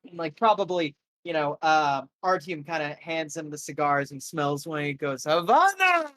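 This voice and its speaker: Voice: medium pitch, little pitch movement, normal speed, a bit bright. A game master narrating a tabletop game in a rambling, casual, profane way.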